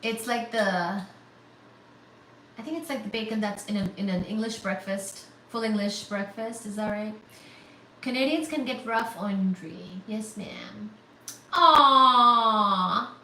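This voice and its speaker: A woman hosting a casual livestream chat, gushing and excitable as she thanks viewers by name for donations. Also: medium pitch, a little slow. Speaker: livestream host. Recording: echoey room, mic at a distance, faint static.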